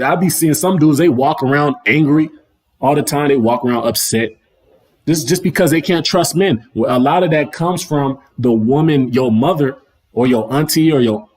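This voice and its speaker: His voice is medium in pitch with a slight roughness as this young adult livestream host rants casually. The slangy monologue keeps doubling back over the same points, heard through a livestream mic.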